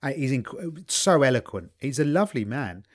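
A man's voice: medium pitch, big pitch swings, moderate pace. A man from the UK co-hosting a casual podcast chat, rambling through a story with wry asides. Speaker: podcast co-host.

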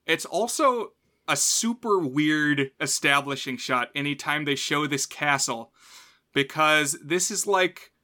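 A man's voice: fairly high pitch, bright, forceful tone, clean tone. A man co-hosting a podcast, chatting casually about a film and often laughing mid-sentence. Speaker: podcast co-host. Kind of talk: casual film review chat.

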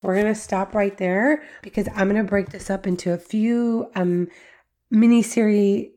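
A woman's voice: medium pitch, steady tone, moderate pace, warm tone. A middle-aged woman hosting a podcast, giving instructional parenting talk in a conversational way with frequent "like" fillers. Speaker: podcast host.

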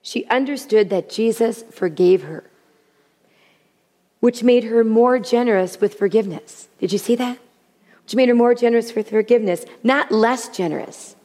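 A woman preaching to a crowd in a large hall, her voice a little higher than most. She is animated and funny and repeats her key phrases for emphasis. A long reverb trails after her words. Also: moderate pace. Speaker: women's speaker. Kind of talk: sermon.

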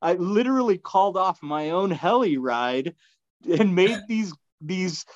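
A man's voice: lively intonation, unhurried, no echo. A man telling a story in a casual, rambling way, with fillers, restarts and frequent laughs. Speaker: podcast guest. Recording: dull, dry low-fidelity sound.

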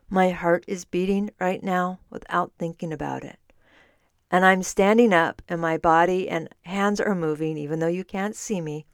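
A woman coach talks straight into a close mic in a dry, unechoing recording. Her voice sits on the low side, and she explains in a chatty manner, often catching and correcting her own words. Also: no echo. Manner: explanatory, conversational, self-correcting. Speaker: podcast host, fitness and nutrition coach. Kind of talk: solo podcast talk. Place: standing while recording.

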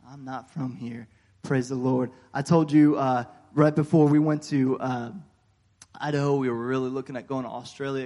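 An American man preaching a sermon, telling a personal story in a folksy, animated way with frequent fillers and amens. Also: medium pitch. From United States. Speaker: pastor.

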